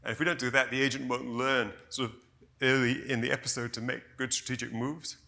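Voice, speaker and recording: Male conference presenter, gravelly and bright, measured and explanatory, corrects himself on the fly. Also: mid-range voice, little pitch movement. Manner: measured, explanatory, with frequent "you know" and self-corrections. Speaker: conference speaker.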